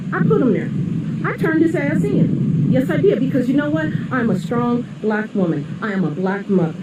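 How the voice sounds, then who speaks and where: A woman ranting bluntly and profanely as a scolding mother. Her voice sits a little high and sounds distant and echoey. Traffic and an air conditioner hum clearly behind her. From St. Louis area, USA. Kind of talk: angry profane rant.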